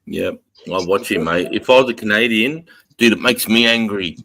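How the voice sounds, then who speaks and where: A deep-voiced man hosts a live stream chat. His tone is bright and forceful. He rants in a loose, profane way. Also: normal speed, creaky, rough recording. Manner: profane, heated ranting.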